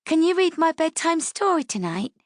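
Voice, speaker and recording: A woman's voice: moderate pace, no echo, studio quality. Charlotte, a woman doing an eager little girl. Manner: high, excited childlike pleading. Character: young girl, eager and sweet.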